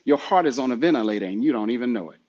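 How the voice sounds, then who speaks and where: A man's voice: mid-range voice, expressive, racing, a little mellow, muffled recording. A man hosting a podcast who talks in a preachy, repetitive way and urges the listener directly. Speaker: podcast host. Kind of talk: motivational podcast talk.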